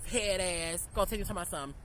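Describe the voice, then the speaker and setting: A young man telling a storytime about a fight in a profane, sassy, animated rant. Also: sits high, fairly quick, slight background noise, low-quality recording. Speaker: storytime vlogger.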